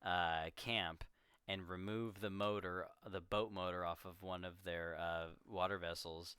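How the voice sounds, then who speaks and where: A man co-hosting a podcast, recapping a movie in casual chat with animated storytelling. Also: sits low, a little slow, clean tone, dry recording. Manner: animated storytelling, jumps into quoting characters. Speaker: podcast co-host.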